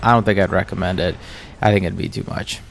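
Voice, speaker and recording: A low, gravelly American man talks casually over his gameplay, rambling with plenty of ums as he goes. A faint hiss of noise runs under his voice. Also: fairly even intonation, fast talker. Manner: chatty, distracted, filler-heavy. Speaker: gaming channel host.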